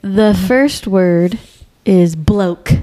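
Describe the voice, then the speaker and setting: A woman's voice: mid-range voice, very slow, warm tone. Giggly young woman telling stories. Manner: giggly storyteller, swears freely. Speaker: podcast co-host. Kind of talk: casual chat.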